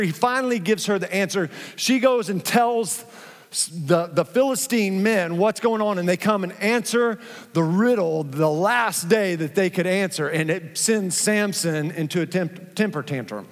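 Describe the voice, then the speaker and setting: A male pastor delivers a sermon in a fairly high voice, joking with his congregation as he goes. He is recorded in a church sanctuary with a long hall reverb. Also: animated, a little slow.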